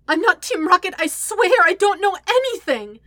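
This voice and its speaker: A woman's voice: very high-pitched, lively intonation, normal speed, pushed and bright, dry recording, clean studio sound, voice pushed up, exaggerated voice. A woman voicing a frightened young man who is pinned down, pleading and near tears. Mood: panicked pleading. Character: panicked pinned young man, terrified and blubbering. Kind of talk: audiobook reading.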